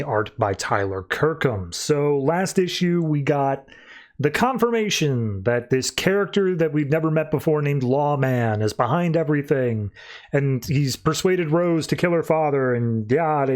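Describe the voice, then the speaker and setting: A man's voice: on the high side, lively intonation, moderate pace. A man hosting a podcast, rambling casually through a review with lots of fillers and loose retelling. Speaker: podcast host reviewing comics.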